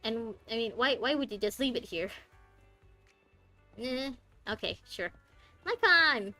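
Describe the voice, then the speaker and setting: Her voice a little high and fairly bright, a young woman streams a game at a measured pace. She chats in a joking, rambling way that keeps stopping mid-sentence, with game music faintly audible.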